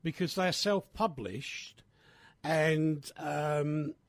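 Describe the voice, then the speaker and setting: A man hosting a casual radio chat, animated and chatty with many fillers. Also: on the high side, extremely slow, no echo. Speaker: radio host.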